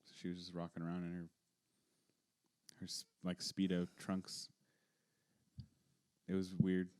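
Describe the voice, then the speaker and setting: A man's voice: low-pitched, monotone, measured pace, a little mellow, clean tone. A man co-hosting a podcast, chatting casually and cracking offhand, wry jokes. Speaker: podcast co-host. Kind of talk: casual chat recapping wrestling.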